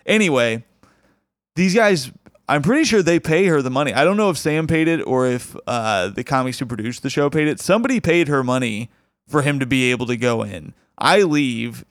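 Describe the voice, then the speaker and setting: A young male comedian tells a story in a casual, animated way, laughing through it. His voice is smooth and clear, recorded dry and close. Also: mid-range voice, moderate pace, no echo. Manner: animated, laughs often while telling the story.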